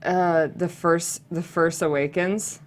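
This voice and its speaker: A woman co-hosting a casual movie news chat, relaxed and a little hesitant as she tells stories. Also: on the low side, takes it slowly, slight background noise. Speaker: co-host.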